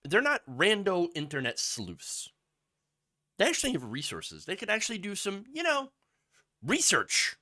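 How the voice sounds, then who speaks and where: A male commentary host with a mocking, sarcastic delivery. His voice is bright and fairly high. His pitch leaps around a lot. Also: huge pitch swings, moderate pace. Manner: mocking, sarcastic, with asides and laughs. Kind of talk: sarcastic commentary over news clips.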